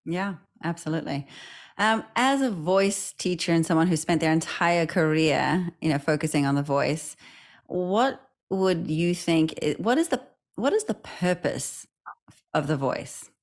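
Low-voiced reflective woman host. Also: animated, unhurried. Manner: reflective, curious questioner. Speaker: podcast host. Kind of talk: casual interview talk.

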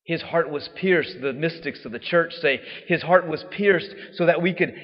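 A man's voice: on the high side, moderate pace. A man giving a casual, jokey homily as a priest, with fillers and laughs. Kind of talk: homily at weekday Mass. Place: church. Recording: dull reverberant church sound.

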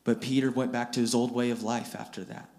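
A man's voice: medium pitch, level tone, brisk, darkish tone. Plain-spoken man preaching a story sermon. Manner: retells scripture in plain everyday speech, acting out quotes; repeats words and restarts phrases.

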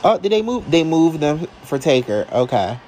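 A man reacting live as a fan, excitable and emotional, talking casually and sassily to his viewers. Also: fairly high pitch, moderate pace, soft background music, rough recording. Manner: casual and sassy, calls listeners y'all and honey. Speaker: wrestling fan vlogger.

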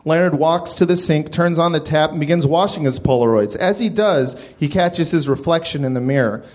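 A man reading a comic story aloud, deadpan, on a comedy club stage into a handheld mic. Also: fairly high pitch, fairly quick.

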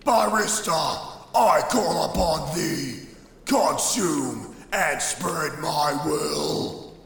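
A man voicing an ancient dark lord spirit who speaks in archaic, pompous decrees, with a heavy echo. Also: on the high side, drawn-out words, gravelly, full character voice. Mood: booming. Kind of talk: audio drama acting. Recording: cavernous reverb with music.

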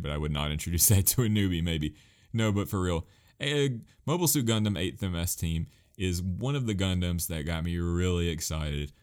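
A man's voice: deep voice, darkish tone. A man hosting a casual talk show, rambling and self-mocking, laughing often as he talks. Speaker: podcast host recommending anime.

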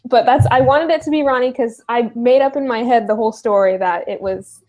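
Female co-host, slightly high voice, playful and animated chat. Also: a little fast, lo-fi sound. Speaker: podcast co-host. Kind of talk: casual podcast chat.

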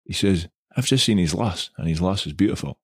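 A man's voice: sits low, expressive, a little fast, darkish tone, breathy edge, no echo, clean studio sound. A Scottish man co-hosting a podcast, telling a long self-mocking anecdote in casual chat. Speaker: podcast co-host.

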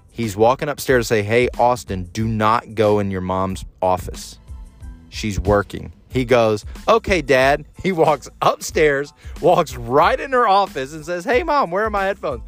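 A man in his thirties hosting a solo podcast, talking candidly and critically about himself, and now and then acting out his own angry outbursts. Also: lowish voice. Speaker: podcast host.

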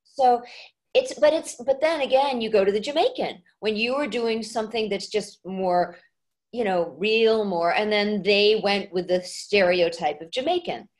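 A woman who coaches dialects, chatting as an interview guest and jumping into quick acted examples as she explains. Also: mid-range voice. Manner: animated, acts out voices when giving examples. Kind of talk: casual interview chat.

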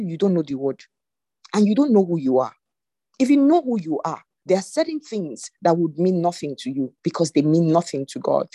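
A woman's voice: on the low side, lively intonation, brisk, warm tone, no room sound. A woman preaching an earnest, exhorting sermon to an online congregation over a video call. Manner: earnest, exhorting, often rising in emphasis. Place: online meeting.

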